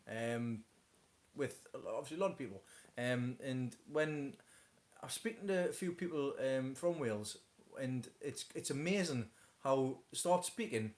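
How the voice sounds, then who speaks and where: A man hosting a casual live chat from home, rambling with many stammered restarts. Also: medium pitch. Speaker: host of a live stream.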